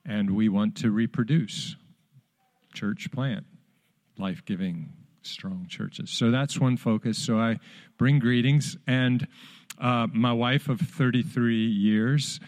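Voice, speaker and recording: A man in his fifties, a visiting pastor, giving a friendly, measured greeting to a church. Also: mid-range voice, darkish tone.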